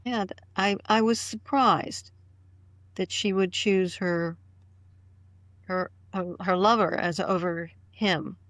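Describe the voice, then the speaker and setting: A woman's voice: medium pitch, fairly even intonation, takes it slowly, a bit bright, no echo. Woman, podcast panelist, chatty, retells scenes, dry sound. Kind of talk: casual podcast discussion.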